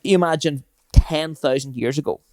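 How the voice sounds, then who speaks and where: A man's voice: fairly high pitch, normal speed, darkish tone, dry recording, clean studio sound. A man, co-hosting a podcast in casual chat and telling stories with frequent laughs. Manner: storytelling, laughs often while talking. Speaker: podcast co-host.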